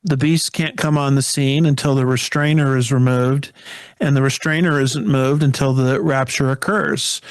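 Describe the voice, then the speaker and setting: A male pastor and theologian, a guest, explaining Bible prophecy in a measured teaching manner. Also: mid-range voice, steady tone, no room sound, studio quality.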